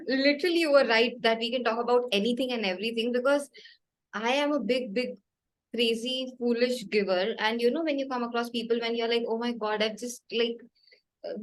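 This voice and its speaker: A woman's voice: fairly high pitch, poor audio. A woman hosting an interview, effusive and enthusiastic in casual chat. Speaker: interview host.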